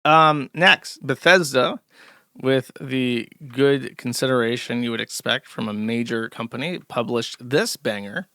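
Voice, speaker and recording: A man's voice: medium pitch, unhurried, sharp tone, no room sound, clean studio sound. A man hosting an online commentary show, talking casually in a sarcastic, mocking way. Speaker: show host.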